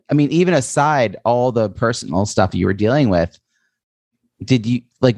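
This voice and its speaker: A man's voice: mid-range voice, darkish tone, dry recording, studio quality. A man hosting a podcast, asking probing questions and thinking aloud about his guest's story. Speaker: podcast host. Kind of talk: interview conversation.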